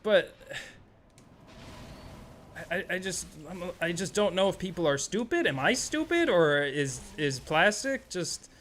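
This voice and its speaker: A young man chatting casually on a live gaming stream, excitable and rambling, swearing freely. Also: high-pitched, measured pace, pauses often.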